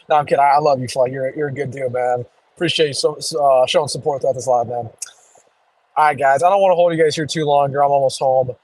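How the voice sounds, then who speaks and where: A young man hosting a casual live postgame reaction stream, chatty and reading viewer comments, a little hoarse from losing his voice. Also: mid-range voice, steady tone, a little fast, darkish tone, dry recording, low-quality recording. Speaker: sports streamer host. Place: driving home.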